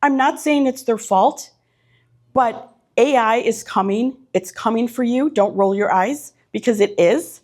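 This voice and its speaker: A middle-aged woman speaking from the front of an event room, her voice sitting a little high. She delivers a motivational talk in punchy, direct bursts, stacking short repeated lines for the audience. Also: unhurried, a little mellow. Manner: punchy, direct, repetitive lists. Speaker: keynote speaker.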